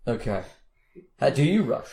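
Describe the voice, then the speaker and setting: Joking game master with roomy echo. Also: male voice, medium pitch, moderate pace, gravelly, slight background noise. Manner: relaxed, joking. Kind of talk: narrating a tabletop game.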